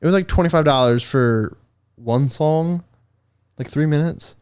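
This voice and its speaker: A man's voice: on the high side, unhurried, a little mellow, clear, resonant tone, no echo, studio quality. A young man on a podcast, laughing sheepishly as he tells an awkward story and saying "dude" a lot. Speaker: podcast co-host. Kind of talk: casual storytelling chat.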